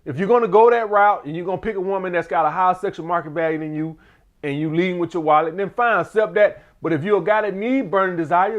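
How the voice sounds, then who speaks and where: A man ranting in a loose, profane monologue as a dating advice commentator, often repeating himself. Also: high-pitched.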